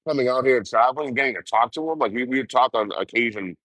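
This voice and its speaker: A man's voice: mid-range voice, quick pace, a bit bright, no echo. A man chatting casually on a livestream, telling a rambling, profane story and laughing often. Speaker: vlogger.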